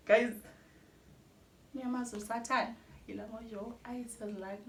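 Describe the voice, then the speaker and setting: A woman's voice: a little high, fairly even intonation, slow pace, long pauses, reverberant. A young South African woman with a Xhosa-speaking accent, candidly telling a personal story in a chatty vlog and mixing in Xhosa phrases. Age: young adult. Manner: candid, chatty, mixes in Xhosa phrases, laughs between sentences. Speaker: YouTuber.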